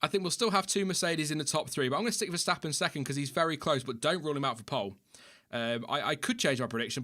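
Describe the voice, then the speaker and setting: A man's voice: medium pitch, sharp tone. A man hosting a casual live stream, chatting loosely and reading out viewer comments with small laughs. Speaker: livestream host.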